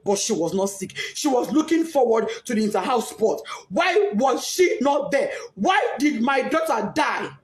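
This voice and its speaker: A grieving Nigerian mother with Yoruba as her first language, giving an impassioned, tearful statement and often shouting as she pleads. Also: fairly high pitch, sing-song, normal speed, few pauses. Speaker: bereaved mother. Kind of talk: emotional personal statement.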